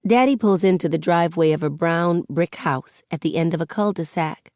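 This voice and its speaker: Woman, audiobook narrator, first-person, conversational, low voice, dry close recording. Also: moderate pace, no echo. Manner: relaxed, conversational storytelling.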